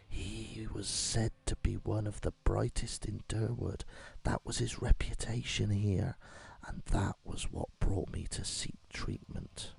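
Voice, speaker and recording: A man's voice: fairly low pitch, gravelly, breathy edge, heavily acted. A man whispering as a furtive hunched woman patient, whispered role-play. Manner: hushed conspiratorial whisper.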